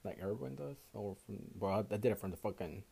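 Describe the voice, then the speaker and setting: This young adult podcast host from Houston, Texas, speaks with a Mexican Spanish accent on his casual solo show. After a night shift he's worn out, swearing freely and shifting between English and Spanish. His lowish voice is creaky, warm, and husky, and his pace is quick.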